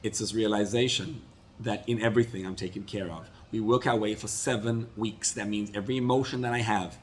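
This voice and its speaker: Rabbi guy preaching, lowish voice, animated and earnest, bit of hiss behind. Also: a little fast. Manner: earnest, animated storytelling with acted quotes. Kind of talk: sermon.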